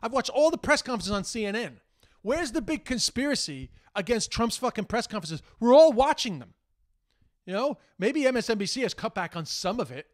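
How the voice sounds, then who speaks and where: A man's voice: sits high, animated, fairly quick, a bit bright. An Irish man hosting a podcast, delivering a heated, exasperated casual monologue full of swearing. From Ireland. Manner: heated, exasperated, profane, mocks quoted speech. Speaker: podcast host.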